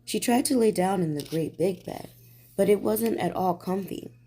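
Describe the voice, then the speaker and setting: A woman reading a bedtime storybook aloud in a gentle, soothing way. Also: mid-range voice, normal speed, a little hiss or hum.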